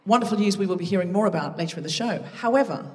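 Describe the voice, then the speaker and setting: A woman hosting a live comedy podcast, chatting and teasing the audience from a theatre stage with quick asides. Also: medium pitch, expressive, darkish tone. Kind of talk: live stand-up crowd work. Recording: live theatre recording with long reverb.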